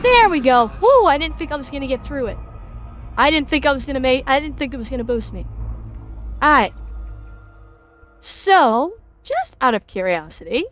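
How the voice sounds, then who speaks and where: High, lively woman streamer explaining. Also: moderate pace, long pauses, faint music behind. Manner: chatty, explains step by step while addressing chat. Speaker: game streamer teaching a lesson. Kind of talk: casual livestream tutorial.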